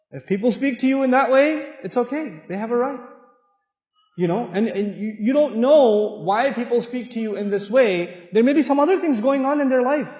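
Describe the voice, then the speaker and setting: High-pitched guy preaching, jokey storytelling, long echo in a big hall. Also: lo-fi sound. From Pakistan. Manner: animated, humorous, acts out quoted voices. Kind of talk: storytelling sermon. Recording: echoey hall.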